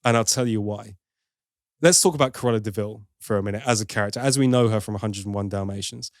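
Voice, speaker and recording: A man's voice: on the low side, fast, no room sound, clean studio sound. A man hosting a film review podcast, giving opinionated, wry critique in casual chat with plenty of asides.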